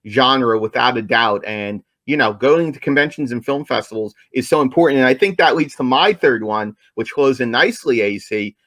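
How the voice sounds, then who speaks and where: A man's voice: mid-range voice, moderate pace, hardly any pauses, fairly bright tone, no echo. A man co-hosting a podcast, talking in an enthusiastic, casual way and repeating his points for emphasis. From New Jersey, USA. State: coughing, apologizes for it. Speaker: podcast co-host.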